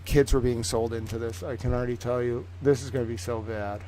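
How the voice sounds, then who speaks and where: A man hosting a casual livestream, talking in an excitable, rambling, profane way. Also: medium pitch, fairly quick, a little hiss or hum. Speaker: livestream host.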